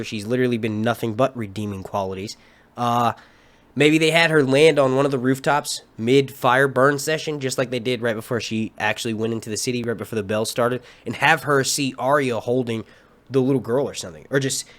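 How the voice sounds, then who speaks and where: A young man hosting a live stream, ranting casually and excitably about a TV episode, swearing often and wandering off into run-on asides. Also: medium pitch. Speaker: livestream host reviewing a TV episode.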